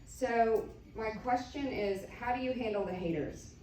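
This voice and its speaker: Picked up from a distance in an echoey hall, a woman leads a relaxed panel chat. She talks in a chatty, storytelling way and laughs easily. Faint ambience sits behind her. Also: on the high side, a little slow, slight background noise. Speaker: panel moderator. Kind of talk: casual panel discussion.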